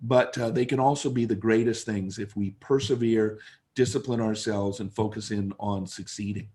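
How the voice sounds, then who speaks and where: A man's voice: lowish voice, fairly even intonation, moderate pace, a little mellow. A man in his fifties, a guest speaker telling a story in an interview, emphatic and repeating phrases for effect. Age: 50s.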